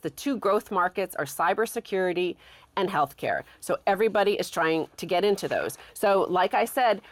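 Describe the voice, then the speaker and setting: Measured woman reading news quotes. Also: lowish voice, dry recording. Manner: measured, explanatory. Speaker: co-host. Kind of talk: talk show commentary, reading news quotes.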